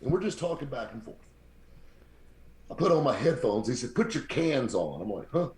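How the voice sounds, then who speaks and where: A man with a very deep voice, telling lively stories as a podcast guest and acting out the people he quotes. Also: fairly quick. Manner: animated anecdote-teller, acts out quoted people. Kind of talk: casual storytelling. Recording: roomy echo.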